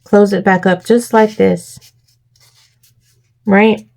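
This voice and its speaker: A woman's voice: medium pitch, steady tone, takes it slowly, creaky, warm tone. A woman hosting a crafting tutorial, walking viewers through each step and checking in with them often.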